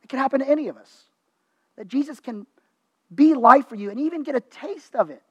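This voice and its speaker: Male pastor, very high voice, dry close sound, chatty sermon delivery. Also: brisk, darkish tone, slightly rough, no echo, lo-fi sound. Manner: conversational preaching, acts out quoted voices.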